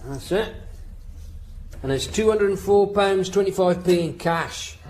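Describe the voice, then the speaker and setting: An actor playing a sneering British prison officer in a radio drama. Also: male voice, sits high, measured pace, darkish tone, slight background noise. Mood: brusque. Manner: sneering, casual.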